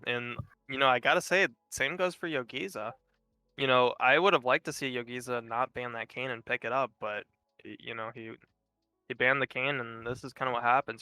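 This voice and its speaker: A man's voice: medium pitch, sharp tone, clean tone, no room sound. A man, an esports co-caster, breaking down a game in an upbeat, analytical way. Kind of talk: post-game analysis chat.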